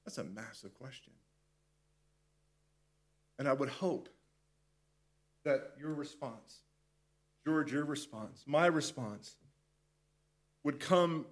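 A man leading a devotional Bible teaching in a conversational way, often restarting his sentences. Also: fairly high pitch. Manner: conversational, halting with repeated restarts. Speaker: pastor.

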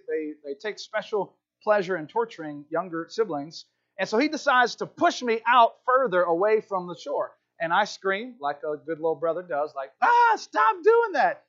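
A man preaching a sermon, telling personal stories in an animated way and acting out the voices of the people in them. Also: sits high. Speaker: pastor. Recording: dull, muffled sound.

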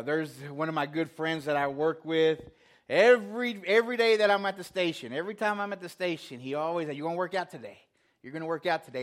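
A man preaching a casual, conversational sermon, telling a self-deprecating story with quoted asides. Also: on the high side. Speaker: pastor.

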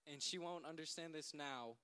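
Teen guy, crisp bright voice, rambling heartfelt thank-you speech. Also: on the high side, normal speed. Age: late teens. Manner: earnest, rambling, laughing at himself. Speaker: young man giving a thank-you speech.

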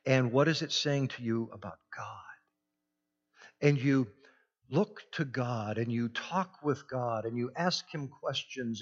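A man preaching a sermon as pastor, swinging from near-shouted passion down to hushed, tender tones. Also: mid-range voice, unhurried, muffled recording.

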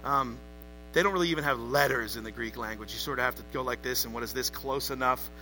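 Bright-voiced man preaching a sermon. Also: mid-range voice, fast, soft background music, poor audio. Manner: emphatic, calls on the congregation to repeat words. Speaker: pastor.

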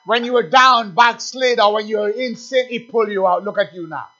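A male pastor preaching a sermon, swinging between loud shouted declarations and low murmured asides. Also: a little fast, highs cut off.

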